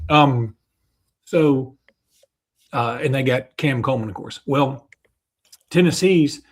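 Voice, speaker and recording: A man's voice: medium pitch, takes it slowly, breathy edge. A middle-aged man, co-hosting a casual sports podcast, joking and rambling with fillers. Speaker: podcast co-host.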